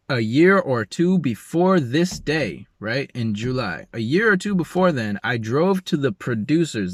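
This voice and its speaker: A young man casually telling a personal story in an emotional, animated way with slangy, informal speech. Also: mid-range voice, dry recording, studio quality.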